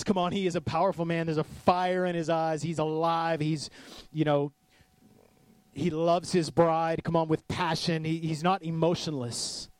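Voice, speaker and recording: A male pastor preaching a sermon in a casual, animated way, acting out voices in his stories. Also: a little high, no room sound. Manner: casual with many "like" fillers.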